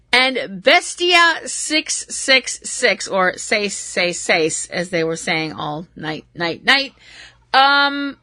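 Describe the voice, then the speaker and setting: A woman from Massachusetts hosts a laid-back wrestling recap, her voice bright and clear. She wanders onto tangents, giggles at her own jokes and keeps apologizing. It sounds dry and close to the mic. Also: fairly high pitch, dry recording. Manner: rambling and self-deprecating, laughs at herself. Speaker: podcast host.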